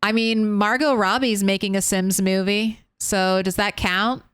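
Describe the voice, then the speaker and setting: A woman's voice: medium pitch, fairly even intonation, measured pace, fairly bright tone, clean tone, no room sound, studio quality. A young woman streaming a game, chatting casually as she plays, rambling between topics and swearing freely. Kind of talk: casual gameplay chat.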